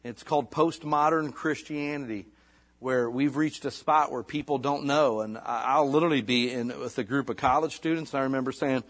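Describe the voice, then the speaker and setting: Middle-aged pastor, husky voice, casual conversational preacher who slows down to read old scripture. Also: male voice, medium pitch, a bit bright. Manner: casual, conversational preaching with frequent "like" and "you know"; reads scripture in slow, deliberate King James cadence. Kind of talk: sermon.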